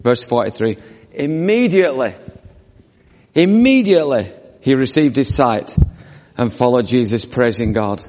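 A man's voice: mid-range voice, expressive, unhurried, pauses often, darkish tone. A man preaching a sermon, telling the story vividly and asking the congregation questions. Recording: long reverb of a church hall.

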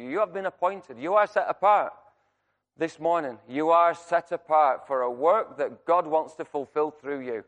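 A male preacher delivering a sermon in a church, emphatic and fond of repeating his key lines. His voice sits a bit high for a man. Every phrase trails off into a long hall reverb. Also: normal speed, fairly bright tone.

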